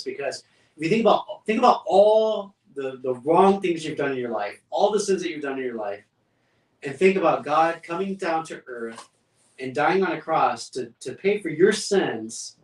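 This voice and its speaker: A man's voice: a little high, animated, normal speed, echoey room, distant mic, low-quality recording. A man co-hosting a faith discussion podcast, talking earnestly and fervently with many restarts. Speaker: podcast co-host.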